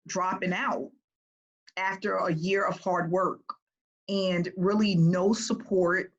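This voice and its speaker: A woman business coach talking to her group in a casual, energetic way, often checking in with "right?". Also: on the low side, breathy edge, dull audio.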